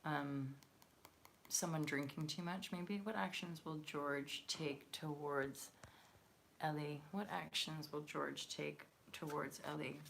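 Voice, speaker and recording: A woman with a somewhat low, gravelly voice reads tarot cards on a live stream. She is chatty and effusive, with lots of fillers and restarts. The sound is close to the microphone. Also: steady tone, slow pace, fairly bright tone, a little hiss or hum. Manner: chatty and effusive, many fillers, laughs often. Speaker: tarot reader and channel host.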